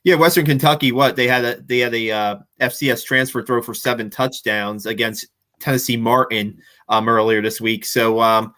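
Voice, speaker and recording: A man's voice: medium pitch, steady tone, moderate pace, bright, forceful tone. Chatty man breaking down a football game. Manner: chatty, restarts often, tags points with "right?". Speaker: podcast host. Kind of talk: casual postgame football analysis.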